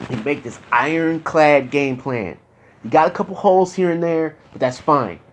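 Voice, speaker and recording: A young man with a slightly high voice, talking openly in a therapy session. He is frustrated and swears freely, and he keeps pushing back against the advice he has been given. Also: a little slow, a bit bright, slight background noise. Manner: frustrated, profane, rising to anger. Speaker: patient in therapy. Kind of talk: candid therapy conversation.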